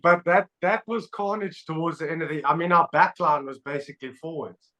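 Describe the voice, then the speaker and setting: Animated high-voiced male podcast host. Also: a little fast, rough recording. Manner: animated storytelling, laughs often. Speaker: podcast host, former rugby player. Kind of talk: casual chat.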